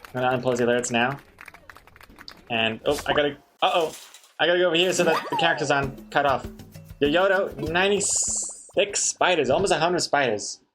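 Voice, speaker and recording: A man's voice: mid-range voice, fairly quick, a bit bright, soft background music, some chatter behind. A man chatting casually on a live stream, reading viewer messages aloud and joking with the chat. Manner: chatty, reads chat aloud, laughs at jokes. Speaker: comic artist streamer.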